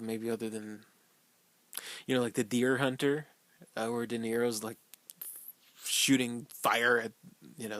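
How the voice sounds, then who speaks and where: A man's voice: mid-range voice, a bit bright, no room sound. A man giving a casual, rambling fan commentary on a film, loose and profane, full of fillers and small chuckles.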